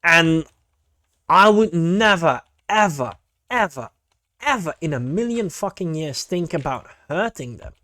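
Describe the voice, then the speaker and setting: Male streamer, casual chat, animated and sweary, slightly high voice, dry close sound. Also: unhurried, dry recording. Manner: animated, swears freely, says "mate".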